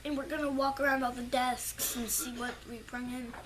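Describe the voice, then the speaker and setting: High-voiced woman answering casually. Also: level tone, fairly quick, a crowd in the background. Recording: noisy home video recording.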